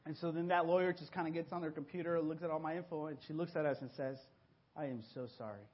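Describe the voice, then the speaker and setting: A man from Mexico giving a personal testimony to his congregation, telling his story with animated exclamations and acted-out voices. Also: fairly high pitch, very fast, highs cut off. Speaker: church member giving a testimony.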